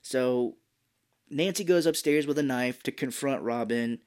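A woman's voice: extremely low pitch, measured pace, darkish tone, clean tone. A woman co-hosting a podcast, casually retelling a film scene by scene, swearing freely and acting out quotes. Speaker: podcast co-host. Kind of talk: casual movie recap chat.

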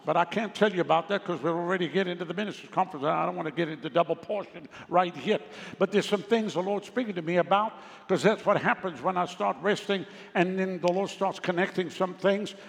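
A man preaching with a high, rough voice, pressing his points and drawing responses from the congregation. His sermon rings with the long reverb of a large hall. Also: fairly bright tone. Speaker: pastor.

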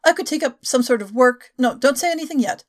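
A woman reading an earnest, anxious middle-aged village woman from an old novel, worrying aloud. Her pitch is somewhat high and moves a lot from phrase to phrase. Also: animated, quick pace. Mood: worried. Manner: earnest, worried.

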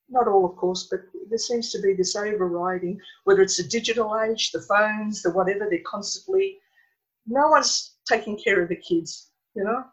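A woman's voice: medium pitch, rough recording. A woman, talking earnestly and with feeling in a conversation. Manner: earnest, impassioned storytelling. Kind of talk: emotional conversational chat.

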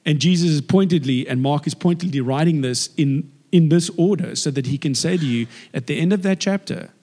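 Male preacher, animated and chatty, slightly high voice, reverberant church hall. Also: a little fast. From South Africa. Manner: lively, acts out the people in the story. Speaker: guest preacher. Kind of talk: conversational sermon.

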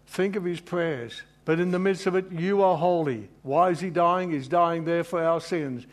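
A man's voice: fairly high pitch, moderate pace, few pauses. A man preaching a sermon in an earnest, emotional way, rambling and restarting as he goes. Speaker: pastor.

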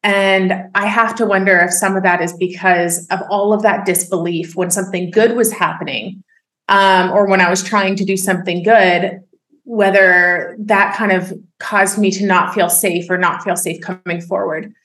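A woman of middle pitch tells her own story candidly, keeping an upbeat, smiling tone through heavy material. Her voice rings in a roomy, echoing space. She is a guest in a conversational interview. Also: fairly even intonation, moderate pace, fairly bright tone. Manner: frank and upbeat, smiles and laughs while telling hard things. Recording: roomy echo.

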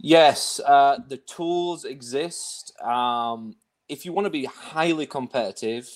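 A man from England, a guest player in a casual podcast chat, easygoing and quick to laugh. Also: mid-range voice, crowd noise.

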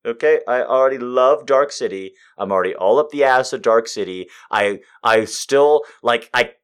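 A man in his thirties, mid-range voice and clean tone, gives a casual comedic monologue at a moderate pace. He swears freely and alternates between shouting and quiet muttered asides.

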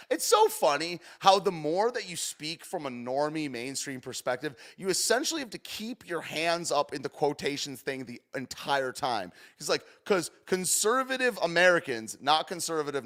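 A young man giving casual, rambling commentary as he reacts to a clip, swinging between loud and soft. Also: on the high side. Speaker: streamer reacting to a news clip.

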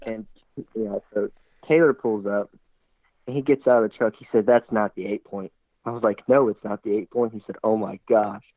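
A man excitedly telling a long hunting story, rambling and animated, with lots of fillers. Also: fairly low pitch, normal speed, no echo. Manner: animated, rambling, heavy use of "like". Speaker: hunter guest. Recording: tinny phone-like line, dry.

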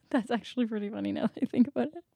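Young woman, podcast co-host, casual chat, giggly, slightly high voice, dry close mic. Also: vocal fry, mellow, breathy edge, no room sound. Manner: giggly, laughs often between lines.

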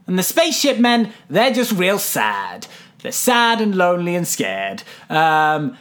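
A man's voice: sits high, huge pitch swings, measured pace, a bit bright. A man casually recapping a film on a podcast, playful and rambling, often breaking into silly character voices. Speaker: podcast co-host.

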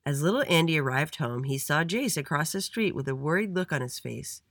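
A man reading a children's story aloud with an expressive delivery. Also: fairly high pitch, brisk, dry recording, clean studio sound.

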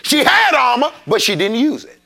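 A man preaching a sermon, calling out to the congregation and rising into shouts. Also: extremely high pitch, big pitch swings, normal speed, creaky. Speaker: pastor. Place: church sanctuary.

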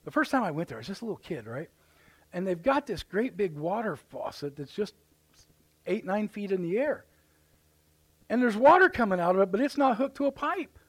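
A man's voice: high voice, very animated, normal speed, pauses often, a bit bright, breathy edge. A man with a Midwestern American accent, preaching a live sermon as pastor in folksy storytelling, acting out voices and exclamations. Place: church sanctuary, live service.

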